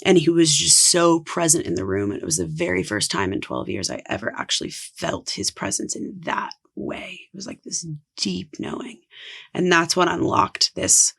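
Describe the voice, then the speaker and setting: A woman's voice: deep voice, very animated, moderate pace, gravelly, fairly bright tone, breathy edge. A woman guest on a podcast, a spiritual coach telling a personal story in an earnest, casual way, often saying "like". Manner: earnest, heavy use of "like".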